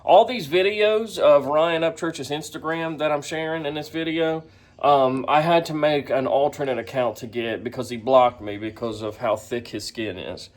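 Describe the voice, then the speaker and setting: A man's voice: on the high side, normal speed. Sarcastic man doing reaction commentary. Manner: sarcastic and mocking, breaks into laughs. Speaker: commentary vlogger.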